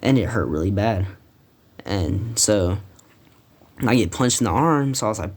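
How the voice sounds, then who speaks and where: Teen dude with a low-ish voice, swearing a lot, stumbling and restarting while he tells a story. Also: lively intonation, a little slow. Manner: rambling, profane, frequent restarts. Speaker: storytime vlogger. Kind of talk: casual storytelling.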